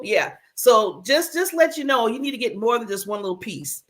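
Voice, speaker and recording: A woman's voice: fairly high pitch, expressive, fairly quick, hardly any pauses. A woman hosting a talk show in a bubbly, emotional way, laughing often. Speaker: host.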